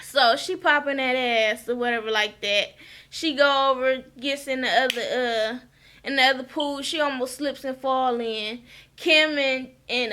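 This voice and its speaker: A woman's voice: high voice, bright, forceful tone. A woman giving a frank, chatty recap of a TV episode and often asking "okay?". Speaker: reality TV recap vlogger.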